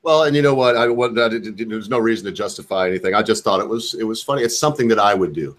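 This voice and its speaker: A man's voice: on the low side, fast talker. A man hosting a live stream in casual chat, who laughs easily and tells rambling anecdotes. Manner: chatty and laughing, tells anecdotes with lively asides.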